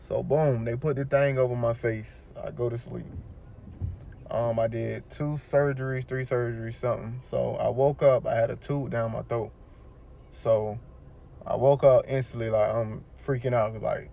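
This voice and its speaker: A man's voice: medium pitch, vocal fry. A man telling the story of his shooting in a rambling, slangy way, his voice rising when he repeats what he told the medics. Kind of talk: casual storytelling. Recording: dull lo-fi video clip.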